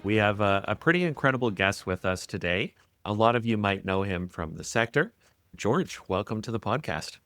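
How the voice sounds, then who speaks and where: Upbeat low-voiced Canadian podcast host. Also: male voice, normal speed, soft background music. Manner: enthusiastic storyteller, animated when retelling. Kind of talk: conversational interview.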